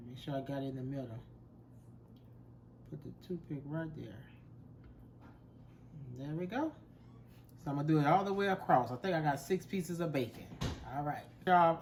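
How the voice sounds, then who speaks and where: Guy talking through a recipe, easygoing, bit of hiss in the background. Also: a little high. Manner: chatty and folksy, talks while working. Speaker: home cooking show host. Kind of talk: casual cooking demonstration.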